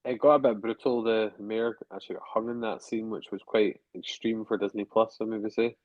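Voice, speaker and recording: A man's voice: on the low side, fairly even intonation, brisk, no room sound. A man co-hosting a casual review podcast, chatty and hedging as he thinks aloud. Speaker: podcast co-host. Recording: dull lo-fi dry sound.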